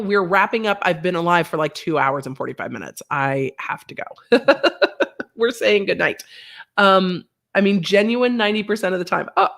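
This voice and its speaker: A woman's voice: medium pitch, gravelly. A woman hosting a casual livestream, chatty and reading viewer comments aloud, a bit unwell with a sinus infection. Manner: chatty, animated, reads chat aloud. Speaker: livestream host.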